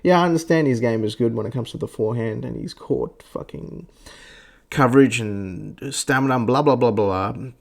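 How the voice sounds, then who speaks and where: Speaking at a moderate pace in a creaky, medium-pitched voice, a young Australian man hosts a casual podcast. His rant is crude and sarcastic, punctuated by mocking impressions he cuts in with.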